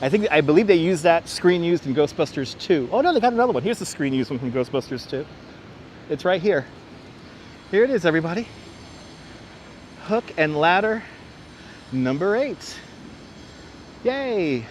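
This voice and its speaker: A man's slightly high, darkish voice swings widely in pitch as he hosts a chatty live-streamed walking tour outdoors, greeting viewers by name. He moves at a moderate pace with frequent pauses and is a little congested from being unwell. Faint street and traffic noise reaches his wireless clip-on mic.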